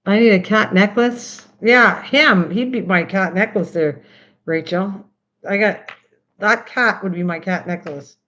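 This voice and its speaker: A woman's voice: mid-range voice, unhurried, fairly bright tone. An older woman hosting a crafting livestream, chatting casually and laughing as she talks to her cat and viewers. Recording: dull lo-fi sound.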